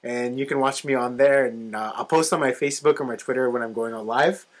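A man's voice: mid-range voice, steady tone, brisk. A young man in casual chat with friends, rambling and chatty with plenty of fillers. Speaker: podcast co-host talking about his streaming.

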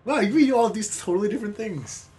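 A man's voice: high-pitched, expressive, fast talker, a little mellow. A man co-hosting a casual podcast chat, joking and laughing often. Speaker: podcast co-host.

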